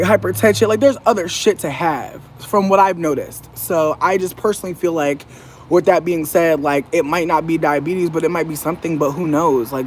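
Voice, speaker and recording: A man venting in a casual, profane monologue. He talks animatedly and mimics other people in a high voice. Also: a little hiss or hum. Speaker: vlogger.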